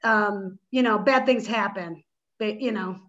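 A woman in a casual panel discussion, speaking in a measured and earnest way. Her pitch sits in the middle range, and the sound is muffled and lo-fi. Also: a bit bright. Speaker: panel guest.

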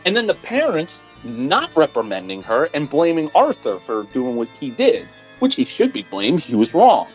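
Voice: medium pitch, normal speed, hardly any pauses, lo-fi sound, faint music behind. A podcast co-host in casual chat, animatedly retelling a story and swearing bluntly along the way. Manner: animated storytelling, retelling a plot with mock voices.

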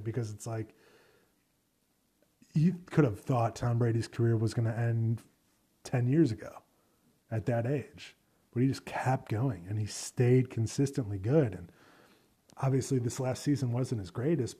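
Rambling young man, dark husky voice. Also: medium pitch. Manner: rambling, self-deprecating, profane. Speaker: solo podcast host. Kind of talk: casual solo podcast rant.

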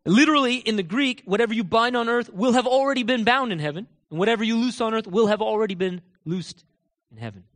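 High-voiced preacher in a reverberant hall. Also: male voice, lively intonation, brisk. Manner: emphatic, rhetorical questions, drops to quiet asides. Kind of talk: sermon. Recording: long reverb of a large hall.

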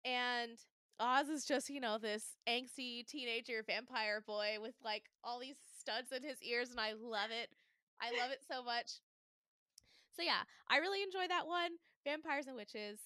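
A young adult woman hosting a casual fandom podcast, animated and laughing often as she acts out her reactions. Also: fairly high pitch, unhurried, clean tone, no echo, studio quality. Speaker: podcast host. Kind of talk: casual chat.

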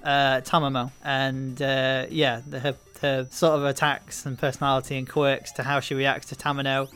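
A man's voice: mid-range voice, level tone, moderate pace, fairly bright tone, soft background music. A man talking casually on a podcast, hesitant, with many ums and restarts.

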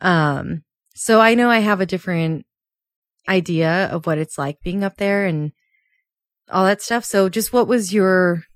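A woman's voice: on the low side, measured pace, dry recording, clean studio sound. A young woman co-hosting a podcast in casual chat, emotional and laughing often as she talks. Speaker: podcast co-host.

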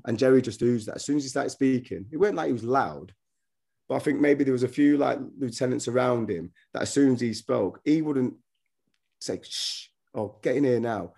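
A middle-aged man, formerly a footballer and now a coach, talks fairly quickly in a mid-range, darkish voice with vocal fry. Appearing as a guest in a casual podcast interview, he tells rambling stories full of restarts.

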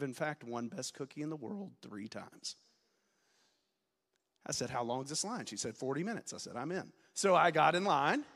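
A man in his forties preaches a sermon in a church sanctuary, his fairly high voice carried by a long reverb. He jokes at his own expense, tells stories, and sometimes slips into a loud preacher voice. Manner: self-deprecating, joking, storytelling, bursts of loud preaching. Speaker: student pastor, guest preacher. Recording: long reverb of a large hall.

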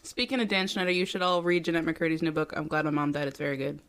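A woman's voice: sits low, steady tone, quick pace. A woman co-hosting a podcast in casual chat, blunt and swearing constantly. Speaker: podcast co-host.

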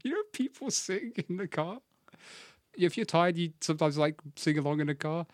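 A man's voice: a little high, expressive, normal speed, no echo, clean studio sound. A young man co-hosting a podcast, chatting casually, rambling and laughing at himself. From England. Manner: giggly, rambling, self-mocking. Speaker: podcast co-host. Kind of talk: casual chat.

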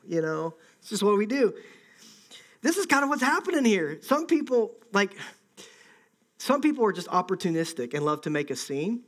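A man's voice: sits high, big pitch swings, brisk, fairly bright tone. A man preaching a conversational sermon, acting out the voices of an angry crowd. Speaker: pastor.

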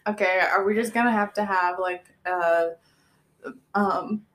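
A woman's voice: medium pitch, a little slow, low-quality recording. A woman podcast co-host in casual chat, playful and teasing. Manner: playful, teasing, lively intonation.

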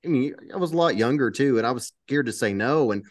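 A man co-hosting a podcast, telling stories in relaxed casual chat. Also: mid-range voice, quick pace, no room sound, clean studio sound. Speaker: podcast co-host.

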